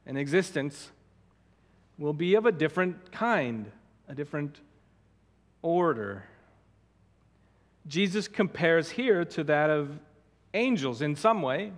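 A man's voice: a little high, fairly bright tone. A male pastor preaching an expository sermon, emphatic, repeating and stressing words as he teaches. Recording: long hall reverb.

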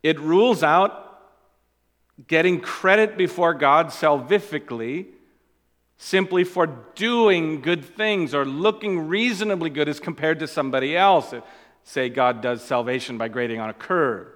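A man preaching a sermon as pastor. He stresses and repeats key phrases, and his voice swings between loud and quiet. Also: on the high side, normal speed, big-room sound.

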